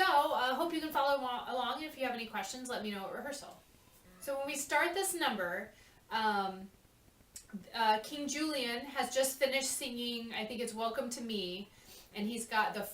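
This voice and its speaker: A female choreographer with a fairly high, slightly bright voice runs a youth cast through their dance routine. She's chatty and regularly checks in with "okay?"; the room is echoey and the mic is distant.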